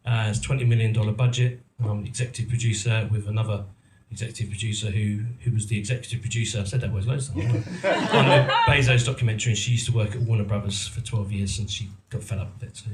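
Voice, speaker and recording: A middle-aged Englishman, actor and producer, addresses a live audience in a roomy event hall, recounting his story casually with rambling self-mockery and many ums and restarts. He talks fast with few pauses, in a voice on the low side and fairly even in intonation. The audio is roomy, with a little hiss or hum.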